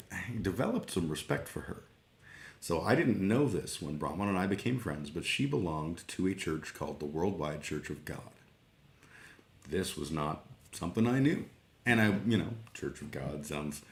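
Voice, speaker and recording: A middle-aged man from Canada hosting a casual livestream, rambling and sweary, with lots of fillers. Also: very deep voice. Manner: meandering, sweary, self-deprecating, many fillers. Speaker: livestream host. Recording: roomy echo.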